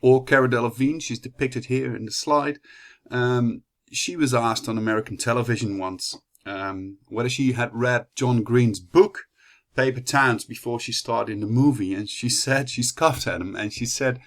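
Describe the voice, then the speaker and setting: A man's voice: mid-range voice, fairly even intonation, moderate pace. Dutch-accented young man giving a class talk. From Netherlands. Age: young adult. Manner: chatty, many fillers and restarts. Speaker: student presenter. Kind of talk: class presentation.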